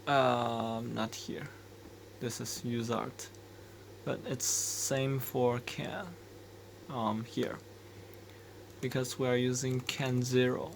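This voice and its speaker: With a faint hiss in the background, a gravelly, flat-pitched male voice explains code in a screen-recorded walkthrough. He's an embedded developer who goes slowly, hesitates, and restarts while reasoning aloud.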